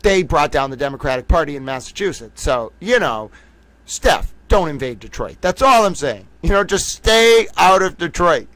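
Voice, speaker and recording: Animated man hosting a jokey livestream. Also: fairly high pitch, normal speed, no echo. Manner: animated, jokey, calls himself a little towel; talks to chat viewers by name. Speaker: livestream host. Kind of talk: casual livestream chat.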